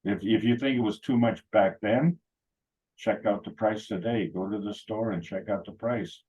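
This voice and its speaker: A man's voice: lowish voice, moderate pace, dark tone, slightly rough, lo-fi sound. A man telling rambling, anecdotal stories at a meeting, with many fillers and restarts. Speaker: meeting speaker. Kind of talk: casual talk.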